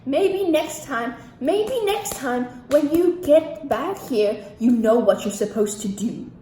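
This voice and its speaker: A woman's voice: fairly high pitch, lively intonation, a little fast, warm tone, reverberant, slight background noise, natural voice. A teen girl mocking a smug airport official.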